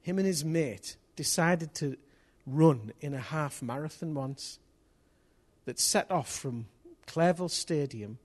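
A man preaches with a high, light voice and a storyteller's ease, tossing in casual slang. He builds to excited shouts, then drops almost to a whisper to make his point. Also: slow. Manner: swings from hushed to excited shouting; lively storyteller with local place names and slang. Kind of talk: sermon with storytelling.

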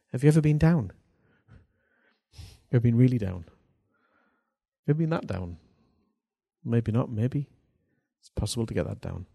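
Husky-voiced man preaching with dramatic swings. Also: mid-range voice. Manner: dynamic delivery, swings from hushed to loud bursts, slows for emphasis. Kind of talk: sermon.

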